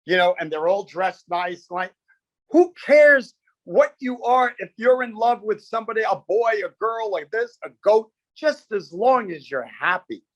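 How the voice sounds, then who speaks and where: A man's voice: sits high, lively intonation, unhurried, no echo, highs cut off. A man, a comedian guest, telling stories with punchy quoted bits and lots of animation.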